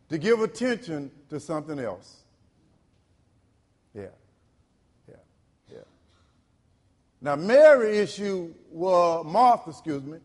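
A male pastor, preaching a sermon in call-and-response style. He repeats phrases and swings from loud to low. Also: sing-song, slow pace, long pauses, in a large hall.

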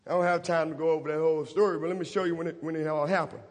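A man preaching a sermon in a church, impassioned and rising to shouts. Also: a little high, fairly even intonation, very fast. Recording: long reverb of a church hall.

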